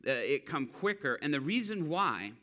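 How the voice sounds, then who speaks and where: A man's voice: a little high, normal speed. A man preaching to a church, telling a street-ministry story and acting out the people in it. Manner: animated storyteller acting out quotes. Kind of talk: sermon storytelling.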